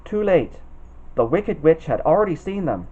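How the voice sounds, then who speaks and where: A man reading a children's storybook aloud, expressive and putting on voices for the characters. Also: fairly high pitch, brisk, husky, dull audio. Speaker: storybook reader.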